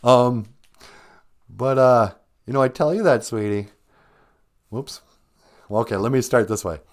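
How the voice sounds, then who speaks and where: Playful Minnesotan man in his fifties. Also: medium pitch. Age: 50s. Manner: playful, laughing, drawls phrases out slowly. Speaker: podcast host. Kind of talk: casual comedic podcast chat.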